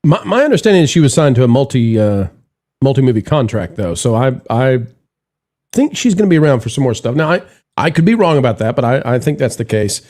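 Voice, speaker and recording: A man's voice: mid-range voice, big pitch swings, fast talker, a little mellow. A man hosting a casual panel chat about movie news, talking in a chatty way with frequent restarts. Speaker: panel show host.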